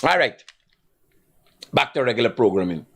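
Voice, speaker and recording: A man's voice: mid-range voice, normal speed, gravelly. A man with a Guyanese Creole accent hosting a live stream, ranting and laughing in loose, rambling commentary. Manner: animated, ranting, bursts of laughter. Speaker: livestream host.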